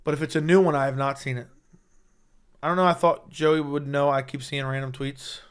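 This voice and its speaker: A young man hosting a casual fight-talk livestream, excitable and rambling, swearing often, with a voice he says is going hoarse. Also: a little high, fairly quick. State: losing his voice. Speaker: MMA livestream host. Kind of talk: casual livestream chat reading chat.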